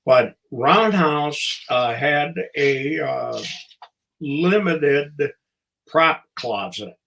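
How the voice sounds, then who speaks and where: Slow, bright-voiced older man telling stories. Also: a little high, animated, gravelly, poor audio. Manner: halting, fond storytelling, with pauses between phrases. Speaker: podcast guest, former wrestling promoter and ring announcer. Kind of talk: casual anecdotal storytelling.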